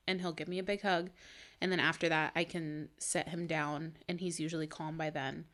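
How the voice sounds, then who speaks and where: A woman's voice: on the low side, little pitch movement, normal speed, a bit bright. A young adult woman co-hosting a podcast, telling chatty stories and using filler words often. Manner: chatty storyteller, leans on "like". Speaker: podcast co-host. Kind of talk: casual podcast chat.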